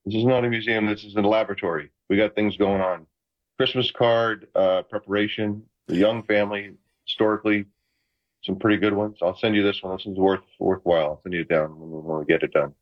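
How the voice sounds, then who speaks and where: A man in his sixties, a retired football player calling in from a room at home, telling lively stories in casual chat. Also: fairly low pitch, a little fast, dull audio. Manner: animated, enthusiastic anecdotes. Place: home room full of memorabilia.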